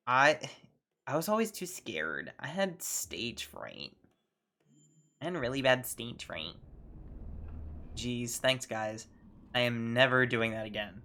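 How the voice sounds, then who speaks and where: A man's voice: medium pitch, big pitch swings, slow, pauses often, pushed and bright, a little hiss or hum. Chatty young man streaming a game. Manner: chatty, self-conscious, laughs often. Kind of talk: casual gaming stream commentary.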